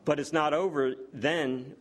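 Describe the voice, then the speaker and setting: A man preaching a sermon, earnest and building to excited exclamations, with frequent fillers and restarts. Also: fairly high pitch, a little slow.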